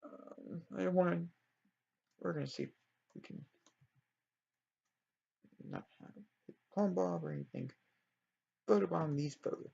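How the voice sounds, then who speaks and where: A man's voice: on the high side, normal speed, creaky, pauses often. Rambling man narrating a life-sim game. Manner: rambling, self-correcting, apologetic. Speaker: let's play storyteller. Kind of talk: casual game commentary. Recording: dull lo-fi recording.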